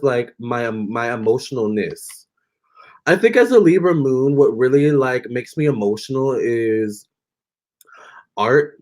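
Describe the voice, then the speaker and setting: A man's voice: mid-range voice, darkish tone. A young man hosting a live tarot stream, chatting casually and reading out viewers' comments with lots of fillers and restarts.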